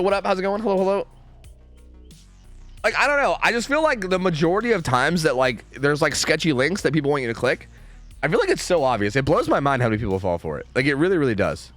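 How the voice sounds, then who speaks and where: A man's voice: on the high side, expressive, fast, fairly bright tone, dry recording, soft background music. A young man streaming, chatting casually with viewers in a rambling, profane, sarcastic way.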